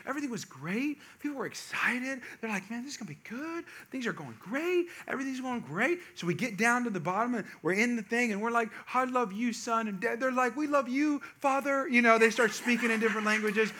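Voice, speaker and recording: A man telling a humorous family story to a live audience, with chatty asides to the crowd. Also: high voice. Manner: animated, jokey asides to the audience; quick, chatty, self-interrupting. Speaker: speaker addressing a live audience.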